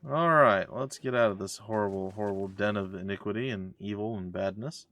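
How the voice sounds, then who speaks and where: A man's voice: lowish voice, fairly quick, fairly bright tone. A man giving casual, wry commentary while playing a game and reading its dialogue aloud. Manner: wry, joking asides. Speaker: let's play gamer.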